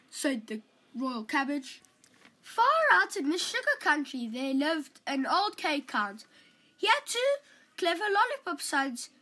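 A woman's very high voice swoops lively through each sentence as she tells a children's fairytale with animated, expressive storytelling. The recording quality is low.

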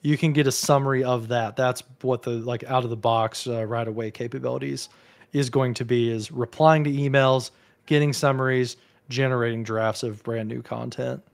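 A man's voice: mid-range voice, steady tone, normal speed, vocal fry. A man co-hosting a casual tech discussion, thinking aloud with hedges and restarts. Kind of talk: casual explanatory chat.

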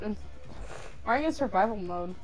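A woman's voice: medium pitch, animated, quick pace, faint music behind, rough recording. A woman casually giving game instructions and dares to friends, bossy and giggly. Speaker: player setting dares. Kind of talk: casual gaming chat. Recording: loud background noise.

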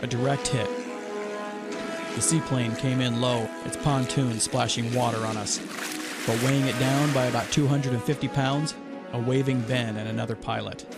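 A man podcast host narrating a first-person adventure story in a steady way, with music playing underneath. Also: medium pitch, normal speed.

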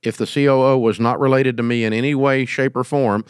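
A man's voice: mid-range voice, steady tone, fairly quick, clear, resonant tone, dry recording, clean studio sound. A middle-aged man, hosting and giving business advice in a casual, folksy, emphatic way. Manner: folksy, emphatic, acts out quoted scenes.

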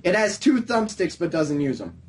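A young man doing casual, profane gaming commentary with friends, excitable and loud at times. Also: a little high, normal speed, slightly rough. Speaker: let's play commentator.

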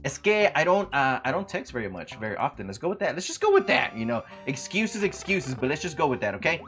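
A man livestreaming a game, chatting casually with viewers, swearing freely and yelling at the game in sudden high-pitched outbursts. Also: fast talker, faint music behind. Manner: profane, excitable trash talk at the game; greets viewers by name. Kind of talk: casual gaming livestream commentary.

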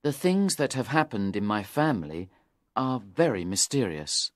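A man's voice: lowish voice, sing-song, moderate pace, no echo, studio quality. A man voicing a nervous young man in his twenties in an audiobook, anxious and pleading. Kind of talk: audiobook character reading.

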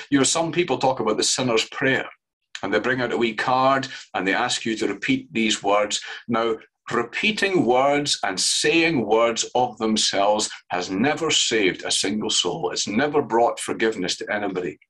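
A man preaching a sermon, earnest, swinging from fervent raised emphasis down to low, slow, solemn phrases. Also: fairly bright tone, low-quality recording.

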